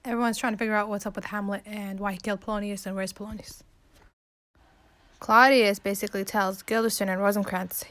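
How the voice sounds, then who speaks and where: A woman's voice: mid-range voice, flat delivery, fairly quick, fairly bright tone. Slangy young woman retelling a story. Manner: slangy, breezy, voices quotes loosely. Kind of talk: casual plot retelling.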